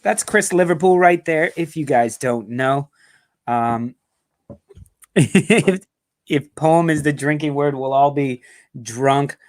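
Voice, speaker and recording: A man's voice: a little high, slow pace, pauses often. A man hosting a live fan show over a video call, rambling and joking, and he talks nonstop. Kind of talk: casual live-stream chat.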